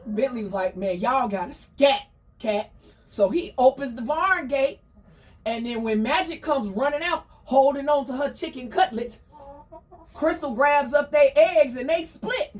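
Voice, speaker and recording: Chatty woman spilling a story, higher voice, a bit far from the mic. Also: measured pace. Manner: chatty, slangy, animated asides. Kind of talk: casual gossipy storytelling.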